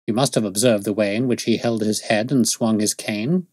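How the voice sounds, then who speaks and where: A man voicing a self-assured detective who lectures in a crisp, raised voice as he reads a story aloud. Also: lowish voice, fairly even intonation, normal speed, a little mellow, dry recording, studio quality. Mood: explaining. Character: brisk, aloof male detective, self-assured.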